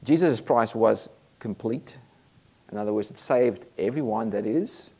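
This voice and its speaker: A man's voice: on the low side, normal speed, dark tone. A man preaching a sermon, earnest and emphatic, reading Bible verses aloud between points.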